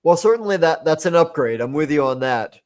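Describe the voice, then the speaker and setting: A man's voice: fairly high pitch, lively intonation, a little fast. A man, a personal growth coach, explaining his method step by step in a podcast conversation, using homely metaphors.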